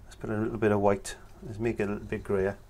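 A man, talking through a painting tutorial in a relaxed, chatty way as he works. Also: fairly low pitch, fast. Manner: relaxed, chatty, talks while working. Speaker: painting instructor.

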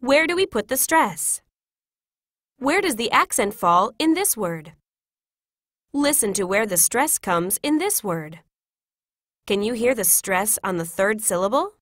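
A woman reading classroom English phrases one by one in a clear, measured teaching voice. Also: medium pitch, big pitch swings, fairly bright tone, no echo, clean studio sound. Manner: clear, measured, each phrase read separately. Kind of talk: scripted read-aloud of classroom phrases.

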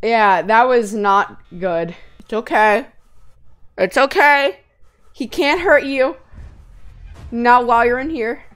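A woman hosting a let's-play video, talking excitedly and yelping when scared, into a close gaming mic. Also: fairly high pitch, smooth. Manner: excitable, jumps from scared yelps to quick chatter.

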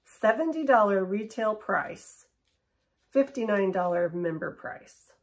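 A woman's voice: medium pitch, animated, takes it slowly. A middle-aged woman, chatting casually and upbeat as she unboxes and tries on jewelry. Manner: chatty, upbeat, drops to a near whisper for close-ups. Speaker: shopping haul vlogger. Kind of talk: casual chat unboxing and try-on.

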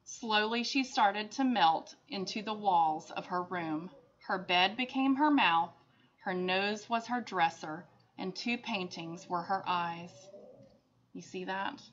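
Expressive teacher reading a picture book. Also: female voice, medium pitch, takes it slowly. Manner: expressive, chatty asides to children. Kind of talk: picture book read-aloud for children. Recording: dull lo-fi sound.

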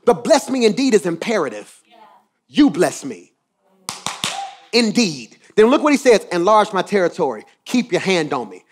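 A male pastor preaching a sermon, swinging from quiet asides to shouted emphasis and repeating phrases for effect. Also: sits high, big pitch swings, moderate pace.

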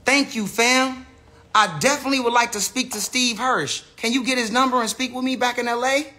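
A man's voice: very high voice, fairly even intonation, a little fast, bright, forceful tone. Slangy, rambling American man on a livestream. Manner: slangy, rambling with restarts and profanity. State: says he is high. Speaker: live streamer. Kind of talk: casual livestream rant. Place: indoor room with a big screen. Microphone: phone livestream.

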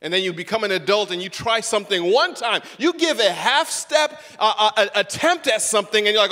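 High-voiced animated preacher in a hall. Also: male voice, a little fast, hardly any pauses. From Zimbabwe. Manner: animated, acts out quotes, repeats words. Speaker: pastor. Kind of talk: sermon. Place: church sanctuary.

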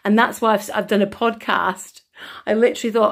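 A woman's voice: medium pitch, fairly even intonation, gravelly. A woman coach leading a breathing exercise and then chatting loosely with viewers, full of restarts and fillers. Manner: soft, slow guided-breathing voice. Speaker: wellbeing coach. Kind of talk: live session with breathing exercise and viewer questions.

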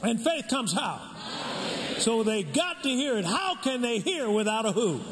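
An older man, a pastor, preaching a sermon with call and response and shouting out to the crowd. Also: big pitch swings, a little slow. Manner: swings from shouts to low storytelling asides. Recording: reverberant hall, faint room noise.

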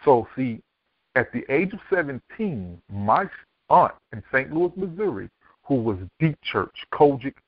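A man's voice: mid-range voice, sing-song, a little slow, no echo. A man from Miami, Florida, a podcast guest telling his life story and acting out the voices of people in it. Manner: vivid storyteller who acts out quoted dialogue. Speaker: podcast guest, author and speaker. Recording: dry, tinny phone-like line.

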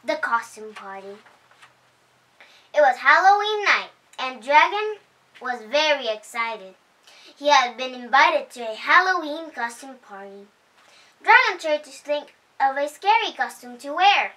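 A very animated woman reads a kids' picture book at home in a high, bright voice, her pitch swinging up and down with the plot. The pace stays slow and cheery, and she sounds distant from the mic.

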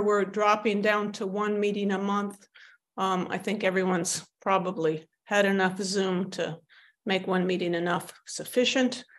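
A woman hosting an online seminar, introducing the speaker in a casual way with frequent ums, over a video call. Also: medium pitch. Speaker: seminar host.

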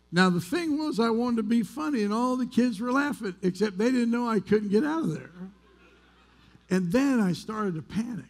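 Male pastor from the US, high-pitched, candid, conversational sermon delivery in a church. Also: animated, moderate pace. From United States. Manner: conversational storytelling, candid and self-deprecating. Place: church sanctuary.

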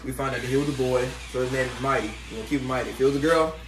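A man's voice: mid-range voice, steady tone, rapid-fire, very noisy. A man joking around playfully in a casual vlog chat. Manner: playful, laughing.

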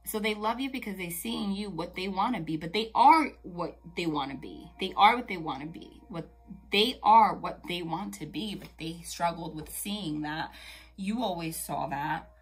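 A woman's voice: lowish voice, measured pace, slightly rough, soft background music. A woman doing a tarot reading straight to camera, chatty and emphatic, swearing casually and talking directly to the viewer. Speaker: tarot reader.

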